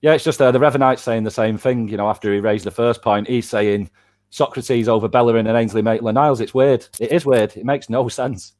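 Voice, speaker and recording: A man's voice: medium pitch, fairly even intonation, fairly quick, a little mellow. A man hosting a casual football watchalong, chatty and upbeat as he speaks to viewers and reads their comments. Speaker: host.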